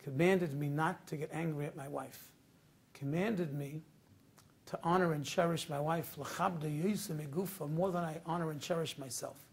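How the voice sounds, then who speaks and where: A man voicing a devout elderly grandfather who speaks quietly and steadily with solemn calm. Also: a little high, moderate pace, gravelly, husky, pitched below the performer's own voice.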